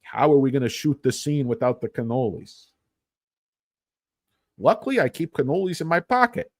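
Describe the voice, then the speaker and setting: Male stock streamer, rambling jokester, swinging pitch, dry close sound. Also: sing-song, moderate pace, darkish tone, no room sound. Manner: rambling, joking, bouncy delivery. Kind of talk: casual livestream chat.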